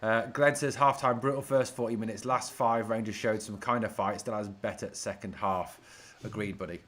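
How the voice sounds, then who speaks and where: A man hosting a fan watch-along stream, giving casual live commentary and reading out viewers' comments, getting excitable when his team attacks. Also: fairly low pitch, moderate pace.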